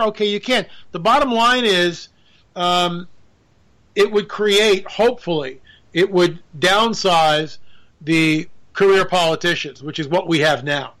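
Guy ranting about politics, kinda high bright voice, sarcastic and jokey. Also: poor audio. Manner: joking, sarcastic, pitch jumping up for emphasis. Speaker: radio host. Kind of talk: political commentary monologue.

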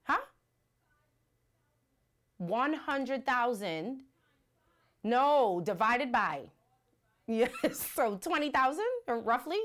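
A woman hosts a casual livestream in a fairly high voice, speaking extremely slowly with long pauses. Her commentary is animated and rhetorical, and she reads viewer comments out loud.

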